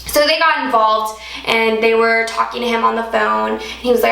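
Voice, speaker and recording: Chatty young woman with a gravelly voice. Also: fairly high pitch, normal speed, bright, forceful tone. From Alaska. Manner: chatty, heavy use of "like". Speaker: vlogger. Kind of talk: casual story-time monologue. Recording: echoey room.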